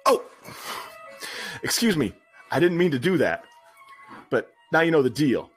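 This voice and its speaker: A man playing a blustering, loud male restaurant boss in a comedic scene reading, bullying and rhyming taunts at a waiter. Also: a little high, very animated, a little slow, faint music behind.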